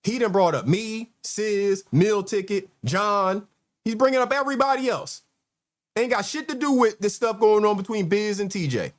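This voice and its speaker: A man's voice: high voice, animated, moderate pace. A man hosting a livestream, commenting on played clips in a sarcastic, exasperated way. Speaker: host.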